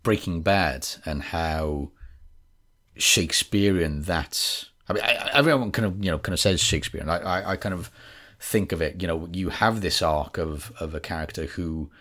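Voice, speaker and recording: Deep-voiced Welsh man, rambling. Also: moderate pace, a bit bright. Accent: West Welsh. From Wales. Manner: rambling, hedging with many fillers. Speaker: guest. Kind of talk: casual podcast conversation.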